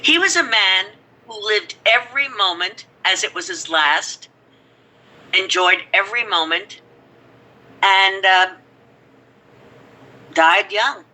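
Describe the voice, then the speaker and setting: Older actress, chatty anecdote-teller, bright cutting voice. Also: female voice, medium pitch, takes it slowly, pauses often, low-quality recording. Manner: rambling animated storytelling. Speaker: actress guest. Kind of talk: casual reminiscing.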